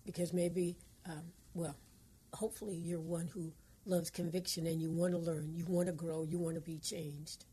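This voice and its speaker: Woman, radio co-host, mellow, low voice, earnest, quotes scripture. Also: slightly rough. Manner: earnest, devotional, quotes scripture, dips into hushed asides. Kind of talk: radio call-in talk.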